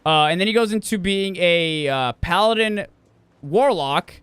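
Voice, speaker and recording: A man's voice: high voice, unhurried, a bit bright, clear, resonant tone, dry recording. A man streaming a game, chatting casually and profanely with friends, rambling and correcting himself as he goes. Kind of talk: casual gaming stream chat.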